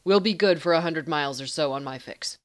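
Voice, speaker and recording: A woman reading the lines of a gruff, dangerous male thief, growling and drawling in an audiobook. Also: low voice, fairly quick, natural voice.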